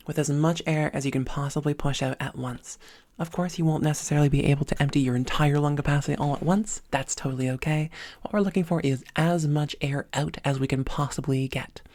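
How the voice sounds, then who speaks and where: A woman's voice: sits low, no echo. A woman voice coach talking at a desk microphone, explaining exercises step by step in an upbeat way. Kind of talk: spoken voice lesson.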